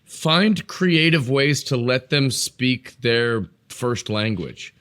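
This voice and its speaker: A man's voice: mid-range voice, expressive, slow, a bit bright. A man as a podcast guest, chatting earnestly about wrestling and giving long opinions. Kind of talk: casual wrestling chat.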